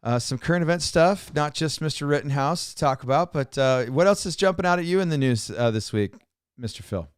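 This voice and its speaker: A man's voice: on the high side, expressive, a little fast, clean tone, no room sound, clean studio sound. A man co-hosting a podcast in casual chat. He rambles, restarts and repeats words, and he drops joking, sarcastic asides. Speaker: podcast co-host.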